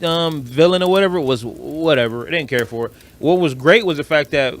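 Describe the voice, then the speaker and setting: A man with a Detroit accent, co-hosting a podcast in casual chat, blunt and animated, swearing freely. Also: on the high side, a little fast. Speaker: podcast co-host.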